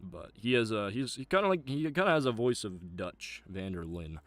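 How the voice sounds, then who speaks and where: A young man streams voice-acting practice, chatting casually with joking, profane, self-deprecating asides. His lowish voice is animated and moves at normal speed, caught dry and close on a desk mic.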